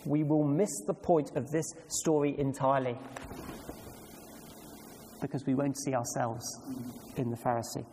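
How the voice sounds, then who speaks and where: A man's voice: mid-range voice, fairly even intonation, unhurried, pauses often, warm tone. Male preacher, emphatic, questioning delivery; long hall reverb, faint room noise. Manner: emphatic, asks the congregation questions. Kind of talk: sermon.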